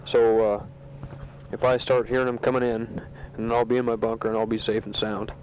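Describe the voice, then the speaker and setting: Here a man in a war-zone sandbag bunker reads news to his family as a casual spoken letter, his mid-range voice flat and plain. He's matter-of-fact yet hesitant, leaning on many fillers, captured on a muffled, dull lo-fi home tape with a little hiss or hum.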